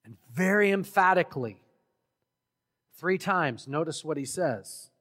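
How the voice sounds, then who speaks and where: A man preaches in a measured, unhurried sermon, his voice sitting a bit high. He leans hard on key words and swells to loud, emphatic exhortation. The sound rings with the long reverb of a church sanctuary. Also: animated. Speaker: pastor.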